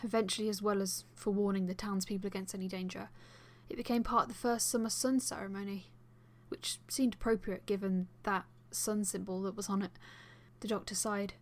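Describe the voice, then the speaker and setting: A woman reading a first-person fan audiobook as its narrator, with expressive delivery. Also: medium pitch, brisk.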